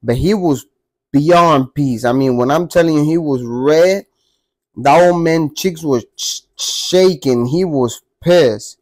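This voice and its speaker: A man's voice: on the high side, slow pace, darkish tone, no room sound. A man telling a story in blunt, profane street slang, in a casual manner.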